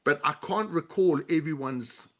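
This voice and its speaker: A man's voice: a little high, a little slow, a bit bright. A middle-aged man as an interview guest, explaining body language with instructive examples and demonstrations. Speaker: guest, body language author and leadership coach.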